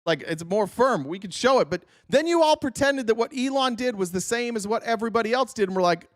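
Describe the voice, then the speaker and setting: A man's voice: very high-pitched, lively intonation, a little fast, dry recording, studio quality. A man hosting a political commentary show, talking bluntly and sarcastically with frequent swearing.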